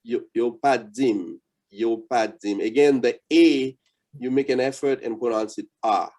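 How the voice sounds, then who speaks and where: This mellow, mid-range voice belongs to a Haitian man giving an online language lesson by video call. He coaches patiently and says words again slowly so the student can follow.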